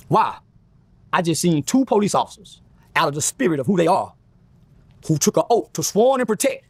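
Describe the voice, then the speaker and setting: A man's voice: extremely high pitch, fairly quick, breathy edge, no echo. A man telling a story casually and profanely, acting out other people's lines as he goes. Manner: animated, profane, acts out quoted voices. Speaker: guest.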